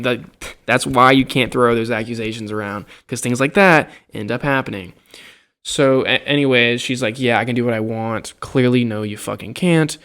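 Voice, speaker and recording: A man's voice: medium pitch, fairly bright tone, smooth. A young man casually recounting a college dorm argument, exasperated, swearing freely and acting out what others said. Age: young adult. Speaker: college student telling a story. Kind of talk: casual storytelling to camera.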